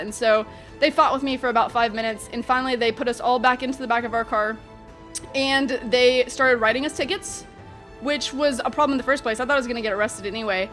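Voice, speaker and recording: High, fast-talking young woman vlogger. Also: faint music behind. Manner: animated, chatty, lots of fillers. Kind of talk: storytime vlog.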